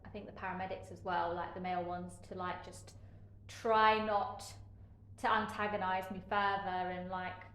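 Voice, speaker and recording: A woman giving a candid personal account as an interviewee, frank and halting, with many fillers and a sarcastic edge. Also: lowish voice, little pitch movement, fairly bright tone, echoey room, poor audio. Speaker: interviewee sharing care experiences.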